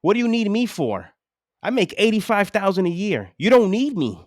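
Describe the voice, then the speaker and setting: High-voiced ranting New man. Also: big pitch swings, normal speed, no room sound, studio quality. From New York City. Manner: ranting, profane, exasperated. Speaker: podcast co-host. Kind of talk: casual chat.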